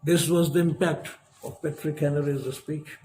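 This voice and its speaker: A man giving a lecture as a professor, measured and emphatic, with long pauses. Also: on the high side, steady tone, mellow, a little hiss or hum.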